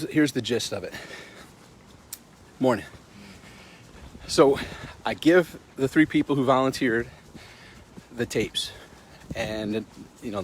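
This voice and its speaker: A man's voice: mid-range voice, slight background noise. A middle-aged man telling a story on a casual livestream during a morning walk, repeating words and greeting passersby. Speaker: motivational vlogger.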